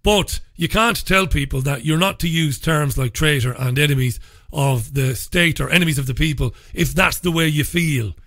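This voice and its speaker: A man's voice: on the high side, normal speed, fairly bright tone, dry recording. A man from England, hosting a talk radio show from a studio and speaking in an opinionated, conversational way. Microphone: studio microphone.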